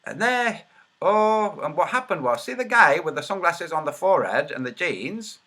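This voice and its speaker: A man's voice: fairly high pitch, big pitch swings, normal speed, pushed and bright. A man hosting a casual livestream, muttering to himself while he searches and then commenting in a mocking, sarcastic way. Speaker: video host.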